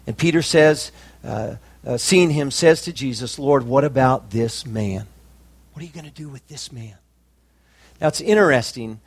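A pastor preaching a sermon with emphatic, rising climaxes and slow drawn-out phrases. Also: male voice, fairly high pitch, no room sound.

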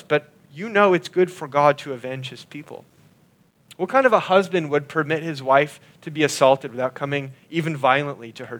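A man preaching a sermon, earnestly expounding scripture and slowing down and dropping his voice on key lines. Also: mid-range voice, fairly bright tone. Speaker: pastor.

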